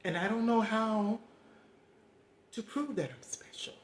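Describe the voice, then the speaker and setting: A woman's voice: medium pitch, a little slow, reverberant. A middle-aged woman talking candidly to camera in a rambling, heartfelt, confiding way. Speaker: vlogger. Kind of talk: candid personal vlog talk.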